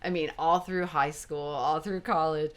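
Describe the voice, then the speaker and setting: Woman, interview guest, casual chat, animated storyteller, acts out quotes, low-pitched. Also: measured pace.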